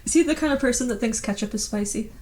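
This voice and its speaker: A woman's voice: fairly high pitch, fast, darkish tone, a little hiss or hum. A woman narrating as game master of a tabletop game, easygoing, with frequent hesitant fillers and laughter.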